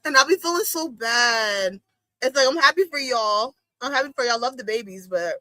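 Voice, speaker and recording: A young woman hosting a wrestling watch-along stream, talking casually in slang and jumping into high exclamations as she reacts. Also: expressive, moderate pace, sharp tone, no room sound. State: itchy watery eyes from allergies. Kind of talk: casual live-stream commentary.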